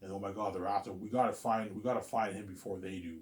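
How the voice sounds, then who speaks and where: Rambling man with a low voice. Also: fairly even intonation, fast. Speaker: vlogger pitching a movie idea. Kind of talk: rambling casual monologue to camera.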